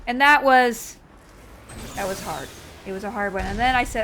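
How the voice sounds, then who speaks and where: A woman's voice: mid-range voice, moderate pace, fairly bright tone, a little hiss or hum. A woman chatting casually while she streams a video game, telling stories and reacting to the play. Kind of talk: casual chat while gaming.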